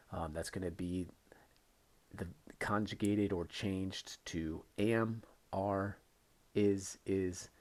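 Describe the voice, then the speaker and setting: A man with a fairly low, darkish voice teaches a recorded English lesson. Patient like a teacher covering the basics, he repeats key phrases again and again, stressing them.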